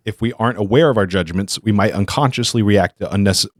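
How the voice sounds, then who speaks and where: A man's voice: fairly low pitch, fast talker, no room sound, studio quality. A man talking in a casual podcast discussion, rambling and correcting himself as he tells stories. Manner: rambling, self-correcting, animated storytelling.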